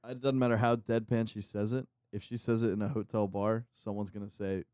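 A man co-hosting a podcast in casual chat who keeps breaking in with quick, incredulous questions. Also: lowish voice, flat delivery, darkish tone, clear, resonant tone, no echo, clean studio sound.

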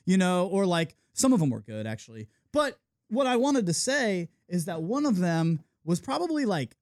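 A man DJ on a podcast, telling a story in casual, animated chat full of "like"s. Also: high voice, moderate pace, no echo, studio quality. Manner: animated, filler-heavy with many "like"s, acts out the people in his story. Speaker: DJ and podcast co-host.

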